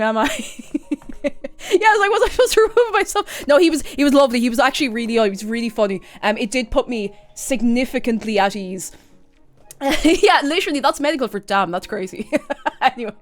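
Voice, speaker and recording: An Irish woman streamer chatting casually and telling a story, laughing often and rambling through asides. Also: a little high.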